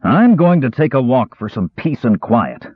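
A man's voice: mid-range voice, very animated, moderate pace, husky, no echo. A man reading an audiobook, voicing a stern, irritable middle-aged nobleman who snaps his words curtly. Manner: curt, snapping. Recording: dry, tinny phone-like sound.

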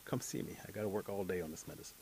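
A man voicing a small, quiet male mole who knows healing medicine, speaking low and confiding. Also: racing, slight background noise, lightly acted. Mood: eager.

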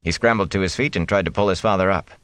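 A man reading an audiobook in a steady, measured storytelling manner. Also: low-pitched, clean tone, no room sound. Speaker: audiobook reader. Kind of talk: audiobook narration.

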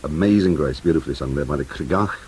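A man's voice: rumbling low, fast talker, darkish tone, a little hiss or hum, rough recording. A man hosting an early-morning radio show, chatting with whimsical, teasing asides between records. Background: music playing under the voice.

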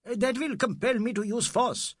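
A man voicing a shrill, nervous male police inspector who speaks in a fussy, wailing way. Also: moderate pace, breathy edge, no room sound, clean studio sound. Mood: anxious. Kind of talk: audiobook character voice.

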